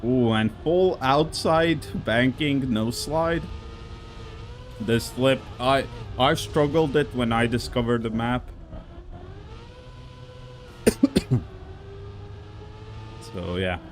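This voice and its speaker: On a live stream with slight background noise, a man speaking at medium pitch and a slow pace talks casually about racing game records. His commentary rambles, is filled with fillers, and is broken by an occasional cough.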